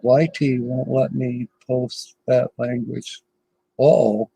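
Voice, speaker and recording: A middle-aged man hosts a casual livestream, talking at an unhurried, rambling pace and chuckling between thoughts. His voice is husky and mellow, sitting a little high for a man. The sound is close and dry. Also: fairly even intonation, dry recording, poor audio. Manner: slow, rambling, chuckles often. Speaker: livestream host.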